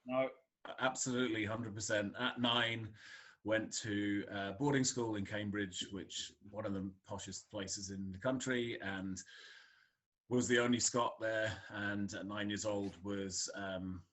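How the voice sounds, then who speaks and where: Middle-aged man, Scottish-born, neutral English accent, somewhat low voice; relaxed chatty podcast guest, frequent laughs and fillers. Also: a little slow. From Scotland. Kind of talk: casual conversation.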